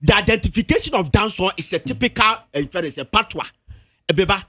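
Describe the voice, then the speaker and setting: A Ghanaian music pundit on radio, pressing his point again and again. His voice sits high and leaps about. It is recorded close and dry in the studio. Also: expressive, fast, bright, forceful tone, dry recording. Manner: emphatic, insistent, repeats himself to hold the floor. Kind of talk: heated entertainment-show debate.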